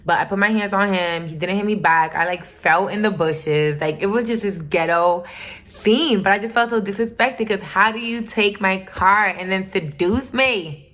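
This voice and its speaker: A woman's voice: mid-range voice, normal speed, a bit bright. Candid, profane young woman vlogger. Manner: candid, profane, emphatic retelling. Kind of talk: casual storytime.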